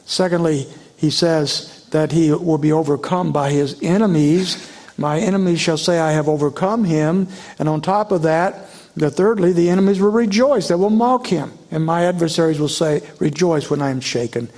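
Expressive male preacher, somewhat high voice. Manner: expressive preaching, voicing the psalmist's pleas in a rising voice. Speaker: pastor. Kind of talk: sermon.

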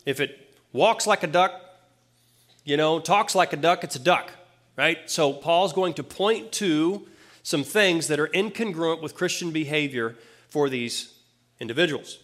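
A man with a somewhat high voice preaching a sermon. He talks to his listeners in a plain-spoken, conversational way and drops casual asides as he explains the scripture. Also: measured pace, fairly bright tone. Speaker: pastor.

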